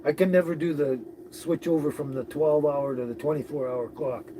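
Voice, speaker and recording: A man hosting a casual live stream, greeting viewers and chatting in a relaxed, rambling way with frequent chuckles. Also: a little high, moderate pace. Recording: noisy recording with birds behind.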